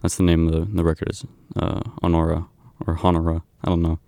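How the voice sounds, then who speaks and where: Low, flat-voiced man with a halting delivery. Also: creaky, no echo. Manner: halting, many ums and uhs. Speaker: radio DJ. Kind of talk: casual radio back-announcing.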